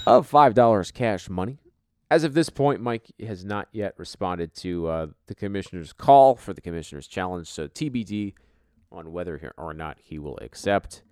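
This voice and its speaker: A man hosting a casual fantasy football podcast, joking and swearing, often trailing off quietly. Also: on the low side, no echo, studio quality. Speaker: podcast host. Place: home basement.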